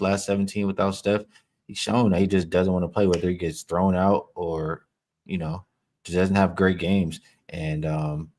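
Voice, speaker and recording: Very deep-voiced man, hesitant and halting. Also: a little mellow. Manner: hesitant, many ums and restarts. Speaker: sports betting show co-host. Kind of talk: casual betting talk on a livestream.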